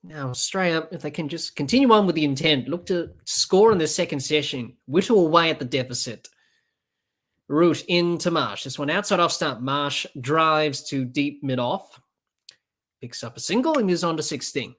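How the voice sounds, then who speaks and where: Expressive and a bit bright, a fairly high male voice carries unscripted cricket commentary on a podcast at a moderate pace. The host calls the action live, with fillers and restarts throughout.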